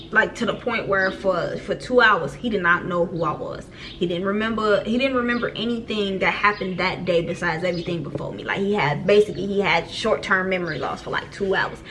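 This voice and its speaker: A young woman telling a storytime vlog in casual, slangy talk, acting out her own frantic shouts when she quotes herself. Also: medium pitch, moderate pace, slight background noise. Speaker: vlogger.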